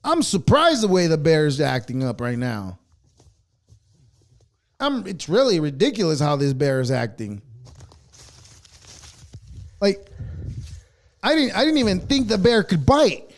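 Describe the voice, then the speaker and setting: A podcast host with a fairly high voice talks at an unhurried pace, pausing often. He reacts to clips with a casual, animated rant full of swearing and sarcasm.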